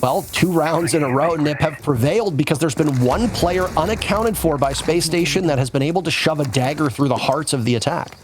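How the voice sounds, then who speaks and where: A man doing live esports commentary, measured and analytical as he breaks down the play. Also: on the high side, noisy background. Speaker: esports caster.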